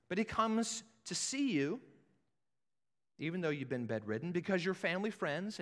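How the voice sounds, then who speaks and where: A man preaching a sermon as pastor, animated and conversational, acting out scripture scenes. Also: medium pitch. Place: church sanctuary with balcony. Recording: echoey church hall.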